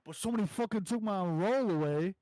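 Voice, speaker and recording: A man's voice: high voice, fast, mellow, no room sound. A man on an online voice call, ranting with lots of swearing and stammered restarts. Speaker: guest on a streamer's voice chat. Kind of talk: casual crude group banter.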